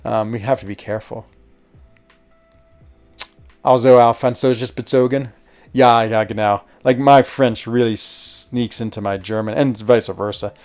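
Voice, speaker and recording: A man hosting a live stream, chatting casually while he plays a game. He thinks aloud, reacts quickly to what happens on screen and often trails off mid-sentence. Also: mid-range voice, steady tone, a little mellow, soft background music. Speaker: streamer and show host. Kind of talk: casual live gameplay commentary.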